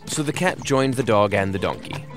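A man's voice: medium pitch, animated, moderate pace, music in the background. Man narrating a children's fairy tale. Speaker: storyteller.

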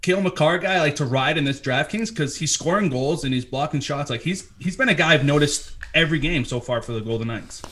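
A man's voice: on the high side, a little fast, few pauses, a bit bright. Teasing sports podcast co-host, man. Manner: laughing, teasing, swears freely. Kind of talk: casual sports banter.

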